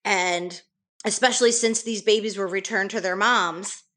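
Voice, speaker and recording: A woman's voice: mid-range voice, steady tone, moderate pace, bright, forceful tone. A middle-aged woman, a nurse interviewed as a guest, telling her account in earnest detail with frequent restarts. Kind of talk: conversational interview storytelling.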